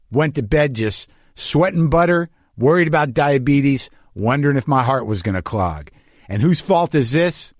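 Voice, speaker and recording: Profane, self-deprecating podcast host. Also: male voice, medium pitch, no room sound, studio quality. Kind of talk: casual comedic monologue.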